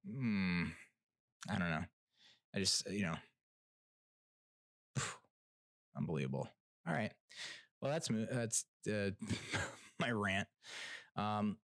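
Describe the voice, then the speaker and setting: Low-voiced man ranting casually, dry sound. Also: fairly bright tone, no room sound. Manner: rambling, many fillers and restarts, blunt and profane. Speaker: podcast host. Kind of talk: casual solo rant and TV review.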